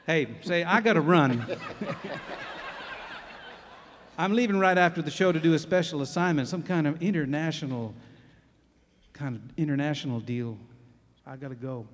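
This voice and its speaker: A man chatting casually as a guest on a live stage show, relaxed and easygoing. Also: a little high, normal speed, long pauses, slight background noise. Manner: relaxed, chatty, laughs easily. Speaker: guest musician. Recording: live theater reverb.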